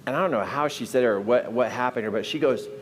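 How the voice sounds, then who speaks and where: A man telling a personal story with lively energy, acting out the voices of the people in it. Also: quick pace, a little hiss or hum. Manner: acts out voices in his anecdotes, jumping pitch and volume. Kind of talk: animated storytelling.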